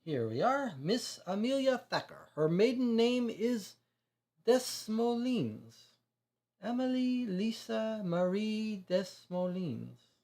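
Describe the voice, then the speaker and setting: A man doing a high, stiff French diplomat. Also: big pitch swings, takes it slowly, darkish tone, exaggerated voice. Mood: formal. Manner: stiff attempted French accent that keeps slipping. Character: polite middle-aged male French diplomat.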